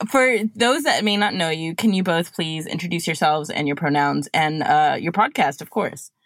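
A woman's voice: deep voice, moderate pace, no room sound. Upbeat woman podcast host, dry sound. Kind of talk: casual interview.

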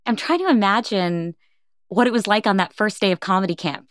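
A woman podcast host giving calm, measured scripted narration between interview clips. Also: medium pitch, no echo, clean studio sound.

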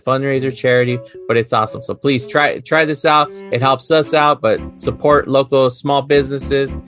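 A man's voice: medium pitch, a bit bright. A man hosting a podcast in a laid-back, casual way. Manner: laid-back, laughs often. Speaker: podcast host.

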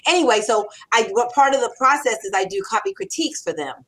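Woman in her 60s, author guest, lively storyteller who acts out quotes, slightly high voice. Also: fast talker, rough recording. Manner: animated, acts out quoted lines. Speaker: copywriter and author. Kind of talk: conversational interview.

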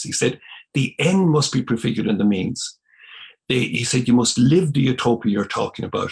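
An older Irish man, a priest, telling a long personal story in conversation, animated and rising in pitch when he quotes himself. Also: brisk, gravelly. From Ireland.

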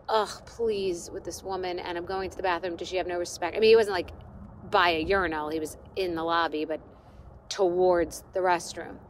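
A middle-aged woman hosts a podcast, her fairly low voice set against slight background noise. She tells a story as a casual, self-mocking rant, animated and self-deprecating, acting out what people said.

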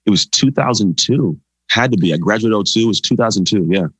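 A man in his forties, a guest on an interview podcast, telling his life story in an animated way and acting out quoted dialogue. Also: fairly low pitch, brisk, breathy edge, no echo.

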